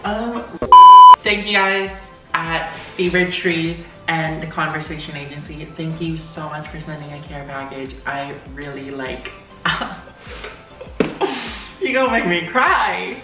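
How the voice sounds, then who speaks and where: A hyper vlogger unboxing a gift package, gasping and giggling between excited exclamations. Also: male voice, fairly high pitch, unhurried. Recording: roomy, distant from the mic, with music.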